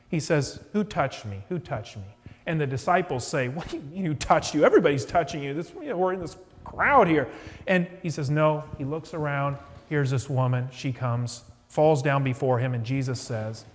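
A middle-aged male pastor preaching a sermon, retelling a story and softly acting out the voices in it. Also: a little high. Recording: long hall reverb.

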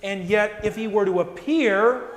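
High-voiced man preaching in echoey hall. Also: unhurried, a little hiss or hum. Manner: conversational, frequent tag questions. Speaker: pastor. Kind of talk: sermon.

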